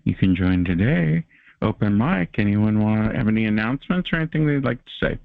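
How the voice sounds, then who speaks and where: A man hosts a call-in show with a low, gravelly voice. He keeps things casual and jokes with callers. The sound is dry and thin, as if it came over a phone line. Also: animated, no room sound. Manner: joking, drawn-out and informal. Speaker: radio show host.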